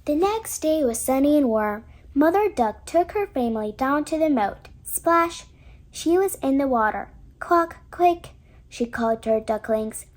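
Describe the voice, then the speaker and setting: A woman reads a children's storybook aloud for bedtime, with a gentle storyteller's manner. Her voice sits high and light. The pacing is even and unhurried.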